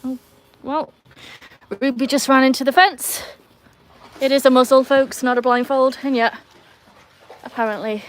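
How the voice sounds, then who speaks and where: A woman from North Yorkshire, England, hosts a live stream with a Yorkshire accent, chatting casually and tossing in wry, self-mocking asides. Her voice is high-pitched and steady in tone, and she speaks at a measured pace with frequent pauses.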